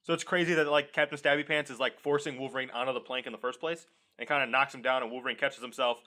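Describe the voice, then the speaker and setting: A man's voice: medium pitch, fairly even intonation, quick pace, pushed and bright. A man co-hosting a podcast, chatting casually, laughing often and swearing freely while retelling a story. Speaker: podcast co-host. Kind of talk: casual chat.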